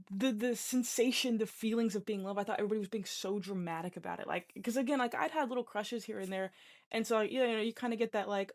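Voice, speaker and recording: A woman's voice: medium pitch, fast. A young woman talks on her own podcast in a loose, chatty way. She rambles, restarts sentences and leans on fillers, sounding open and unguarded. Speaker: podcast host. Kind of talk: casual personal chat.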